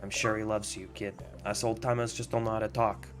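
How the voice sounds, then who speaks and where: A man voicing a gruff older man who speaks slowly and softly. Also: lowish voice, little pitch movement, soft background music, natural voice. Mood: gentle.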